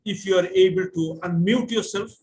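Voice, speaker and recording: A man's voice: high-pitched, moderate pace, a little mellow, low-quality recording. A man with an Indian English accent giving an online lecture to students, explaining patiently and spelling words out letter by letter over a video call.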